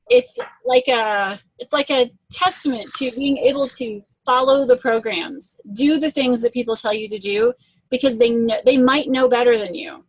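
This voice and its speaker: A woman's voice: fairly high pitch, rough recording. Earnest woman giving a motivational talk. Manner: earnest, conversational, storytelling. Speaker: guest speaker and fitness coach.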